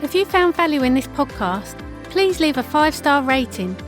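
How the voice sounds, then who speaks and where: High-voiced woman reading a podcast outro. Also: very animated, normal speed, faint music behind. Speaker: podcast host. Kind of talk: scripted outro narration.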